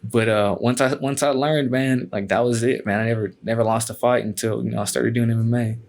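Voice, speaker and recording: Brief: relaxed male guest, mid-pitched voice, loose storytelling full of "man" and casual swearing. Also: a little fast. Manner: laid-back, peppers speech with "man" and cussing. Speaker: guest, MMA fighter.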